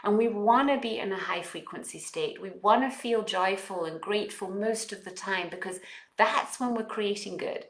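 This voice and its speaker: A woman with a non-native English accent talking as a parenting coach, guiding listeners through exercises and affirmations in an expressive, coaching manner. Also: medium pitch, moderate pace, reverberant. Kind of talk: guided self-help talk with exercises.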